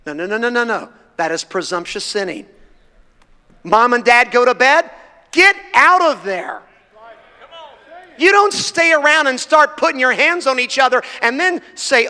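His very high voice is pushed and bright, with lively intonation at normal speed. A man preaches to a congregation fervently and emphatically, rising in bursts to press his points, with reverberant hall sound.

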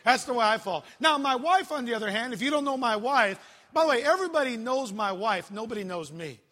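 A middle-aged man preaching as a youth pastor, telling jokes and stories in an animated way. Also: very high voice, fairly quick. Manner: animated, joking storyteller. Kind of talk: sermon. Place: church. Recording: long hall reverb.

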